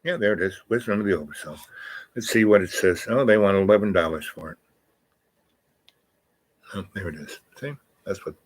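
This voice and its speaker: Rambling older man with low voice. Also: normal speed, pauses often, husky, rough recording. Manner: meandering, self-correcting, reads aloud from screen. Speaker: channel host. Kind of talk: rambling casual monologue.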